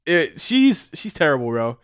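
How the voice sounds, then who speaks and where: A man's voice: fairly high pitch, sing-song, unhurried, fairly bright tone, no room sound, clean studio sound. A man co-hosting a podcast, chatting and arguing casually, laughing often and restarting his sentences. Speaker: podcast co-host. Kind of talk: casual debate chat.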